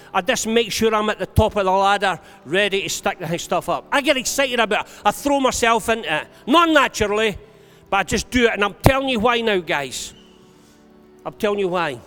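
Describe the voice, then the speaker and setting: A man preaching in a sermon, his voice pitched very high for a man. He tells his stories to the congregation and then lifts into shouted calls to praise. A long hall reverb and faint music sit behind him. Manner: storytelling, rising to shouted exhortation.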